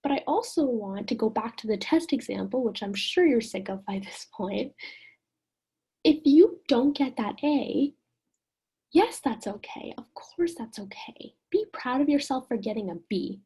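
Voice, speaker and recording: A woman teaching an online lesson in a gentle, encouraging way, often putting questions to the listener. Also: a little high, animated, measured pace, husky.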